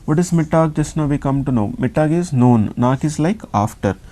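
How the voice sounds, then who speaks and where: A man from India with an Indian English accent, teaching a slow classroom lesson and patiently repeating each sound. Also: a little high, lively intonation, mellow. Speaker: language teacher.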